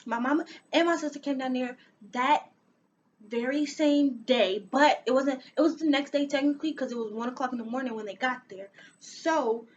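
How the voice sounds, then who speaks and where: A young woman with a high voice tells a personal story on her vlog at a normal pace, animated and dramatic, with sighs and laughs. The audio is dull, and a faint hum of noise sits behind her at home.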